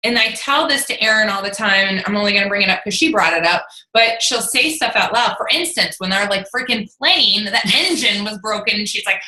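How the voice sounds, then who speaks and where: A woman fitness coach chatting casually, telling stories in an animated way and swearing freely. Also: mid-range voice, fairly quick, hardly any pauses, reverberant, poor audio. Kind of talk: casual chat recapping an event.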